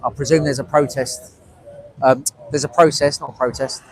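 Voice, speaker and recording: A man's voice: mid-range voice, level tone, normal speed, low-quality recording. A man from North London with a London accent, running a live street stream and chatting to his viewers in a blunt, sweary, matey way at an outdoor protest. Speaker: livestreamer.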